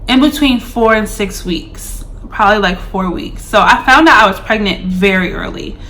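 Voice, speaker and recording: A woman's voice: medium pitch, pushed and bright. A woman in her twenties telling a personal story to her viewers in a chatty way, full of "like" and "um". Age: 20s. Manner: chatty, fillers like "like" and "um", addresses viewers directly. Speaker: vlogger. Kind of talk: casual storytime.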